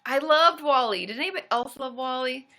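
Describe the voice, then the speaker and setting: A bubbly, excitable woman hosts a casual livestream, chatting with viewers. Her voice is bright, fairly high, and lively, climbing and dipping as she cheers the chat on. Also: fairly quick. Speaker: livestream host and counselor.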